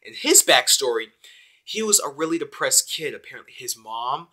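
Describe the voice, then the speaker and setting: A young man giving a casual, rambling, excitable spoken review of an anime episode. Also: mid-range voice, normal speed, husky. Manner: excitable, rambling, with many fillers.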